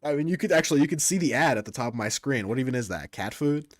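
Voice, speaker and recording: A man's voice: mid-range voice, expressive, quick pace, no room sound, studio quality. A young man casually chatting to his stream audience, rambling and crude, often restarting his sentences. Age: young adult. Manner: rambling, self-interrupting, crude.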